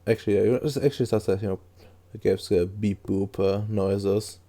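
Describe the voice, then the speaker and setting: Low, rambling male game master. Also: steady tone, fairly quick, warm tone. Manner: rambling, full of fillers. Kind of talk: narrating a tabletop game.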